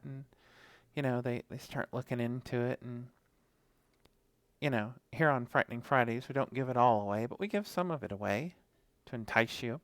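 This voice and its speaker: A man's voice: medium pitch, moderate pace, a bit bright, no room sound. Rambling male podcast co-host. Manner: rambling, many fillers, acts out characters' lines. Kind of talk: casual chat reviewing a horror comic.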